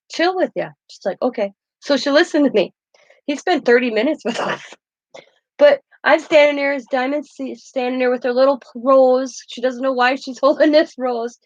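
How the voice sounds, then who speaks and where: Brief: Midwestern woman vlogger, fairly high voice, chatty rambling storyteller, dry muffled home recording. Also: dry recording. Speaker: craft channel host. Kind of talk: casual show-and-tell vlog.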